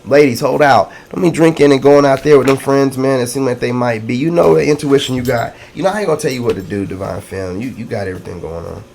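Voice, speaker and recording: Speaking at medium pitch and a quick clip with barely a pause, this tarot reader gives his viewers a laid-back reading. He gets excited, uses slang, repeats his catchphrases, and keeps addressing the audience.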